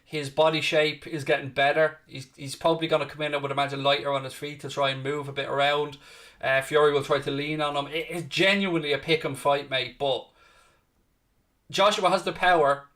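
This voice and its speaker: This Irish host's voice sits on the high side, bright-ish, with a level tone and a brisk pace. He's doing casual live-stream chat during a football watchalong, fielding questions from viewers and addressing them as "mate."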